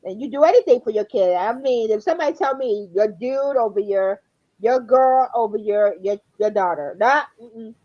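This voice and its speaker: A woman chatting casually on a live stream, telling animated stories, acting out quotes and laughing often. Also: fairly high pitch, normal speed, dry recording, muffled recording. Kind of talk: casual chat.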